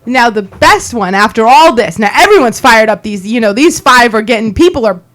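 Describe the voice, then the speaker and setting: A female radio co-host with a high voice tells a story, voicing each person she quotes. She laughs often and pushes on through interruptions. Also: fairly quick. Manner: lively storyteller, quoting others, laughing often. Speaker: radio talk show co-host. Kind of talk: storytelling on political talk radio.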